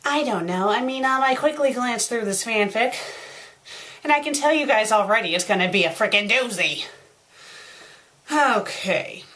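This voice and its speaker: A woman's voice: on the high side, animated, normal speed, long pauses, fairly bright tone. A woman reviewing fan fiction online, sarcastic and exasperated, with heavy sighs. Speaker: fanfic reviewer.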